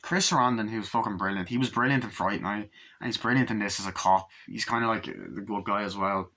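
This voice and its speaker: A man giving a casual movie review, excited and profane, retelling scenes with eager fan enthusiasm. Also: lowish voice, a little fast.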